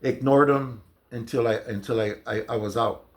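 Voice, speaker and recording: A man's voice: medium pitch, fairly even intonation, normal speed. A man casually telling a long personal story, loose and conversational with lots of fillers and restarts. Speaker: storyteller recounting jail experiences.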